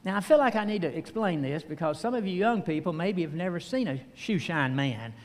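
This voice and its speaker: An older man preaching a sermon, telling a story in a folksy way with fillers and pauses. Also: high-pitched, lively intonation. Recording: long hall reverb.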